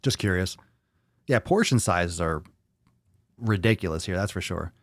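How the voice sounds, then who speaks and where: Low-voiced rambling male podcast host. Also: lively intonation, unhurried, dry recording, studio quality. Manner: rambling, profane, asks the audience questions. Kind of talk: casual livestream chat with viewers.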